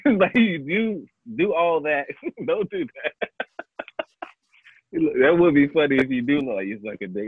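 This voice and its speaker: Guy on a zoom comedy hang, husky voice, sounds tinny like a phone, laughs a lot. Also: slow, pauses often, no room sound. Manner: laughing, animated, doing high mocking voices. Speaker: comedian on a video call. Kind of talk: casual banter. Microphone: video call. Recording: tinny phone-like call audio.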